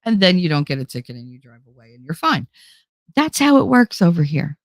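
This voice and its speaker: Her lowish voice swings widely in pitch and moves fairly quickly, with no room sound. As host of a casual livestream, she talks bluntly and profanely to viewers, acting out the people in her stories.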